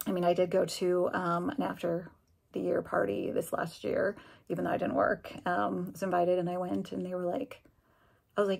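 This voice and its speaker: A middle-aged woman talks candidly to the camera, recounting her own experiences and slipping into the voices of the people she quotes. Her voice sits on the low side, husky and breathy, with a gravelly edge. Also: flat delivery, moderate pace, darkish tone. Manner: candid, conversational, acts out dialogue with quoted voices. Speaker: former special education teacher. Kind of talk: personal vlog storytelling.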